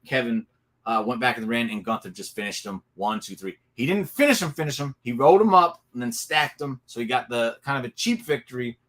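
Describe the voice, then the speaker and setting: Man, wrestling recap host, bright forceful voice, animated and casual, home stream mic. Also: medium pitch. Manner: excited, animated storytelling with laughs and asides. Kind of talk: casual solo recap talk.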